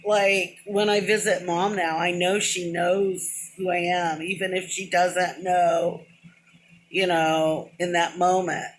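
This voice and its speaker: A middle-aged woman talks straight into a nearby camera in a loose, rambling vlog and keeps drifting off topic before pulling herself back with "but anyway". Her voice sits a little low for a woman, and she is openly emotional. A faint hiss of room noise runs under her voice. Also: little pitch movement, slow pace. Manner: rambling, self-described, wanders off and says "but anyway". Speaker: vlogger. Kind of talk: casual rambling monologue to camera. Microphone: camera close to the face, within arm's reach.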